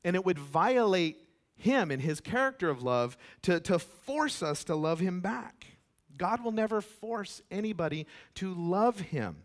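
A man preaching a sermon as pastor, emphatic, acting out quoted voices and swinging between loud declarations and hushed asides. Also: sits high.

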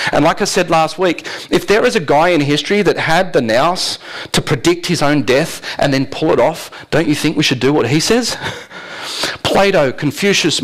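Poor audio captures a high-pitched man preaching as a pastor. His sermon is conversational, peppered with rhetorical questions to the congregation and frequent laughter.

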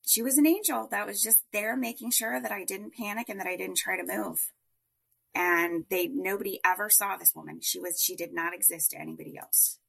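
Woman guest, gravelly and bright, emphatic storyteller. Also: medium pitch, brisk. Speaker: guest entrepreneur. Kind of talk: personal storytelling.

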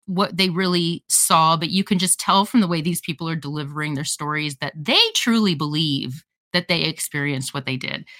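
Lively, bright-voiced woman podcast co-host. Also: on the low side. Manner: enthusiastic and chatty. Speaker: podcast co-host recommending films. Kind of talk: casual podcast chat.

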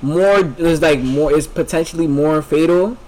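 A man's voice: on the high side, normal speed, a little mellow, rough recording. A young man co-hosting a casual podcast chat with friends, emphatic and repetitive. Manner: emphatic, repeats himself, lots of "bro". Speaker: podcast co-host.

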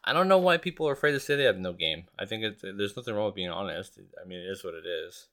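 Male podcast host, low and forceful, cursing and self-deprecating, loose rambling delivery. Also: animated, fast talker. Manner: profane, self-mocking, laughs often; rambling with restarts. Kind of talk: casual solo podcast chat.

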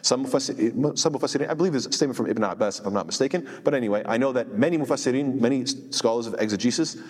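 Man, rapid emphatic teacher, rhetorical questions, reverberant hall. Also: mid-range voice. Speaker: Quran teacher. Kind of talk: explanatory lesson.

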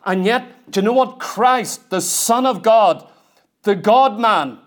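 A man's voice: sits high, slow. A man preaching a sermon in a fervent, repetitive cadence, leading a congregation into worship. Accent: Northern Irish.

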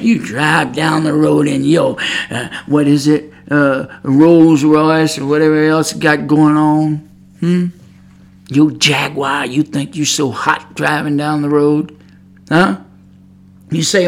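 High, bright-voiced fiery male preacher. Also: lively intonation, a little slow, creaky. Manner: preachy, with rhetorical questions, swinging between loud and hushed. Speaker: preacher podcaster. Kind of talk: fiery podcast sermon.

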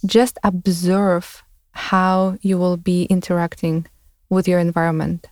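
A woman's voice: fairly low pitch, level tone, measured pace, darkish tone, no echo, clean studio sound. A woman hosting a podcast, talking in a thoughtful, casual way and laughing often. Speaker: podcast host. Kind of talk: casual conversation.

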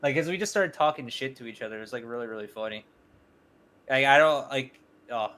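A man's voice: medium pitch, a little fast, bright, forceful tone. A man talking as a podcast guest in casual chat, rambling with lots of fillers and swearing.

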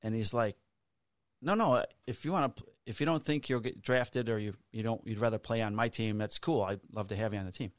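A man's voice: lowish voice, brisk, no echo, clean studio sound. Profane fifty-something man telling stories. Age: 50s. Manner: profane, animated storyteller acting out dialogue. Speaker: podcast co-host. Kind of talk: casual storytelling chat.

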